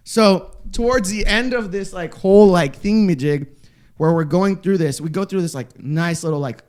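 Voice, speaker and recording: Young guy with a pretty high voice, rambling through a funny story, squeaks up when he quotes people. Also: normal speed, a little mellow, clean tone. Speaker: podcast guest. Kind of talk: casual storytelling chat.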